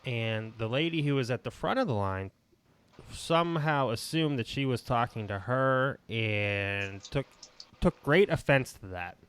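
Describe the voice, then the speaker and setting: A man co-hosting a podcast, telling a story in casual chat at a measured pace with hesitant fillers. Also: mid-range voice, fairly bright tone, clear, resonant tone. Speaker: podcast co-host.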